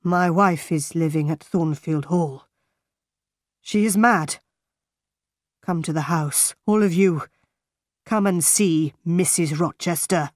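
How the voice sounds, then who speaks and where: A woman reading as a stern grown man, grave and measured. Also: lowish voice, no room sound, clean studio sound. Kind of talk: audiobook character reading.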